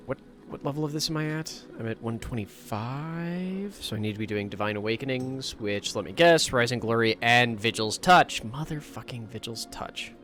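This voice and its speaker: A man's voice: medium pitch, lively intonation, normal speed, hardly any pauses, a bit bright. Chatty rambling male streamer. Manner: rambling, chatty, swears casually. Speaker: livestreamer. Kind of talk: casual gameplay livestream commentary.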